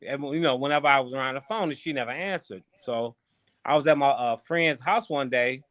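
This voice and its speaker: Bright-voiced man telling stories. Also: mid-range voice, fairly quick. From Chicago, USA. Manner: animated storyteller, loose slangy talk with swearing. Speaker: podcast guest, former boxer. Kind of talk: casual storytelling interview.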